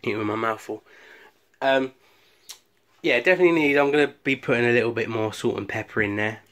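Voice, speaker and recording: A man's voice: mid-range voice, brisk, a bit bright. A man chatting casually through a home cooking vlog, with lots of ums and restarts. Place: home kitchen.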